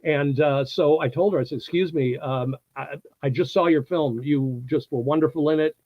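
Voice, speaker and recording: A man in his sixties from the United States, an actor telling anecdotes in a casual interview, animated and laughing often, acting out what people said. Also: fairly high pitch, moderate pace, no echo, lo-fi sound. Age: 60s. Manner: animated storyteller, acts out quotes, laughs often.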